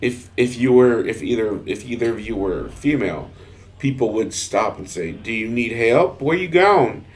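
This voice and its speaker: A man from Texas, mid-pitched and easygoing, co-hosting a casual podcast chat. He tells stories in halting bursts, doubling back and restarting his sentences. He laughs through the funny parts. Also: expressive. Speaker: podcast co-host.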